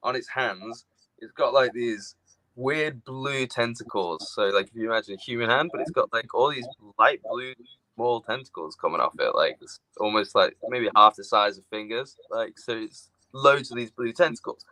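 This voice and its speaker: Bright-voiced man telling lively stories. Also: medium pitch, moderate pace, dry recording, low-quality recording. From outside the United States. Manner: lively storyteller who acts out his own reactions. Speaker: podcast co-host. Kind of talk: casual chat.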